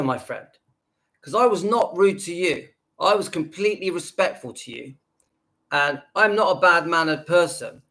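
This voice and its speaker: A man speaks in a notably high voice, hosting his own channel. He rants with indignant emphasis in a reaction video and keeps hammering the same points. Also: a bit bright. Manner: indignant, emphatic, repeats himself. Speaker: YouTube channel host.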